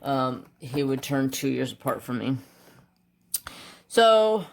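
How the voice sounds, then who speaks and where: A man sits coloring and chatting casually, wandering between his choice of colors and a long story from his childhood. He mutters quietly while deciding and grows animated and louder as the story picks up, his voice sitting in an ordinary middle pitch. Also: takes it slowly, vocal fry. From United States. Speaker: craft channel host.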